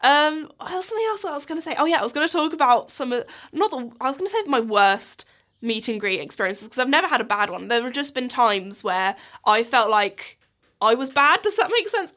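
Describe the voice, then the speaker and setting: A woman's voice: sits high, expressive, fairly quick, fairly bright tone. A woman in her twenties hosting a podcast, chatting casually and rambling with lots of likes and ums. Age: 20s. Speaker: podcast host. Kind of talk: casual solo chat.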